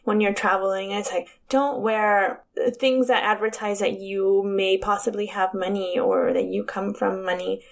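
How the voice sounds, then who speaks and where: A woman's voice: mid-range voice, fairly even intonation, a little slow, gravelly, hardly any pauses. A young woman co-hosting a podcast, telling crude, jokey stories in casual chat. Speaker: podcast co-host.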